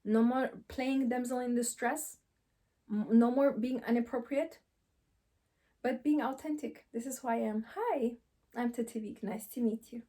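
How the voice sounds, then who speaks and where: A woman's voice: a little high, measured pace, mellow. A woman relationship coach giving direct advice to camera, emphatic, repeating key phrases and asking rhetorical questions. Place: seated on camera.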